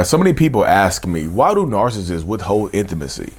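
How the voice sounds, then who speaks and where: A YouTube host talks casually and emphatically straight to his viewers, repeating himself a lot and often saying "y'all." His voice is fairly low and slightly rough, very animated, and fairly quick.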